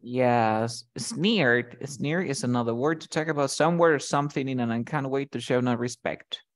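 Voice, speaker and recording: A man teaching English words in relaxed conversation, his voice sitting at an ordinary middle pitch. He explains each term, then acts out a quick example line and checks in with his student. The pace is chatty and patient. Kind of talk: vocabulary lesson conversation.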